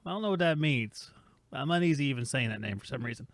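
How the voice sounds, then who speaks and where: A man's voice: mid-range voice, expressive, quick pace, no room sound, studio quality. Joking, rambling man reading chat. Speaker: podcast host reading live chat. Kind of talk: casual live-stream chat.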